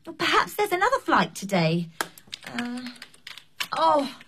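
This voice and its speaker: A fussing hotel receptionist. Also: female voice, high voice, very animated, a bit bright, a little hiss or hum, heavily acted. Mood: flustered. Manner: speaks slowly and clearly to be understood. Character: flustered female hotel receptionist. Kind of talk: scripted learning drama.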